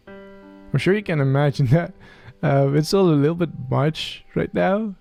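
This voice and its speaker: A man with a gravelly, dark-toned voice narrates his Minecraft let's play, staying in character. He talks softly and earnestly to a creature beside him. Faint music plays underneath. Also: a little high, a little slow. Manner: soft, earnest in-character musing, talking to a game creature.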